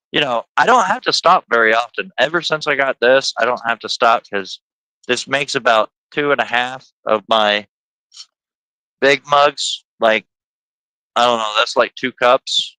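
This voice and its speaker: A man's voice: medium pitch, measured pace, pushed and bright, clean tone, no room sound, low-quality recording. A man hosting a casual livestream chat, rambling and laughing as he talks. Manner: chatty, laughing, stumbling restarts. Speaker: host.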